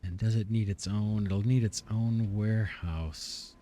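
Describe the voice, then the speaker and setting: A man's voice: lowish voice, steady tone, a little slow, dark tone, slight background noise. A man hosting a let's play, thinking aloud as he builds, his voice a little worn. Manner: thinking aloud, musing and self-correcting. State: slightly losing his voice. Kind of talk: casual gameplay commentary.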